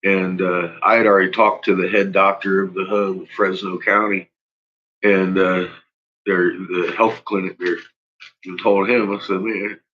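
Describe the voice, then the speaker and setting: A man's voice: deep voice, flat delivery, moderate pace, a bit bright. A man ranting casually into his vlog, swearing heavily and laughing often. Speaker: vlogger. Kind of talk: casual profane rant. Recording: dull lo-fi recording.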